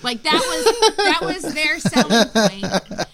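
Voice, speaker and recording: A woman's voice: high voice, sing-song, slow pace, over a noisy crowd. A woman guest on a podcast, telling a personal story casually and giggling as she goes. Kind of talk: casual conversation.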